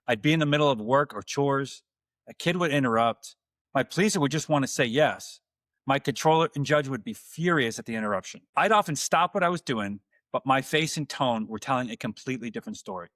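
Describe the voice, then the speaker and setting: A man hosting his own podcast, delivering a calm, earnest, scripted monologue to fathers. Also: mid-range voice, dry recording, clean studio sound. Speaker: podcast host.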